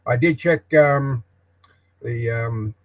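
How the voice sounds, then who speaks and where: An older Australian man hosting a live broadcast from his shed office, rambling in a halting way with many ums and restarts. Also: mid-range voice, rough recording. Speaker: live stream host.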